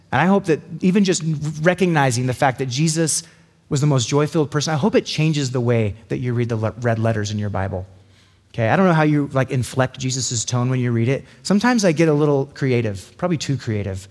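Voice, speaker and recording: In a mid-range voice, a man preaches a sermon that feels more like a chat, animated and casual. He frequently acts out brief character voices to drive his points home.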